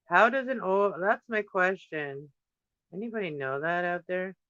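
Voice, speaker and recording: Bright-voiced man rambling while he paints. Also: high voice, a little slow, smooth, no echo, muffled recording. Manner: thinks aloud, drifting from topic to topic with fillers. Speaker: livestream host painting on camera. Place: indoors at home.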